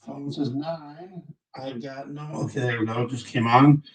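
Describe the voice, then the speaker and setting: A man hosting a casual livestream, rambling as he checks his audio, greets viewers by name and often clears his throat. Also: mid-range voice, measured pace, low-quality recording. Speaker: livestream host.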